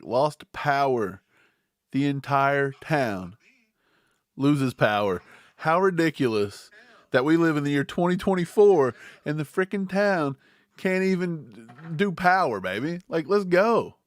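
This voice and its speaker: A man hosting a casual livestream, talking in an animated, rambling way. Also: a little high, measured pace, no room sound. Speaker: livestream host.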